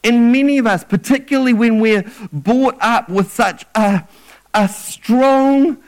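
A man's voice: very high voice, measured pace, darkish tone. A man preaching a sermon in an earnest way, often stumbling and repeating words as he restarts.

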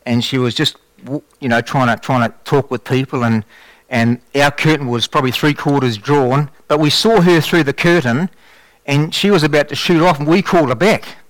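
Animated New man preaching testimony. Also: medium pitch, moderate pace, no room sound. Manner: animated storytelling with many restarts. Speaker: lay preacher giving testimony. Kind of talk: sermon testimony.

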